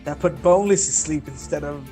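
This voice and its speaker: A man's voice: on the high side, a little fast, mellow, soft background music. Chuckling, easygoing male player. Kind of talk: casual recap of a tabletop game.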